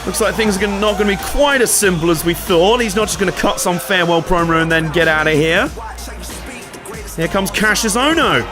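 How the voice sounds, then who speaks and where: Chatty gamer with a higher voice. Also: male voice, brisk, music in the background. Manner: chatty, sweary, self-mocking. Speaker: let's play host. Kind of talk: casual gameplay commentary.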